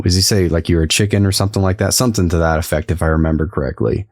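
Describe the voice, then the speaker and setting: A man's voice: low-pitched, steady tone, fast, few pauses, darkish tone, no echo, clean studio sound. A man co-hosting a podcast, recapping a TV episode in casual, rambling chat and laughing easily. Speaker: podcast co-host.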